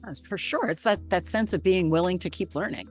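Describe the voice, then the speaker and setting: A woman hosting a podcast interview, enthusiastic and quick to laugh and affirm her guest. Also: lowish voice, faint music behind. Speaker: podcast host.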